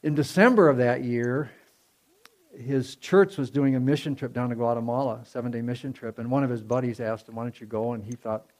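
A man's voice: medium pitch, a little fast, a little mellow. A man preaching a sermon in a conversational storytelling way, with many fillers and restarts, to a church congregation.

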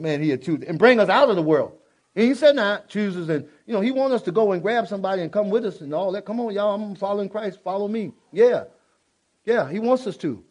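A man's voice: on the high side, darkish tone. A man preaching a sermon in a folksy, exclaiming way. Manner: folksy, exclaiming, prone to laughter.

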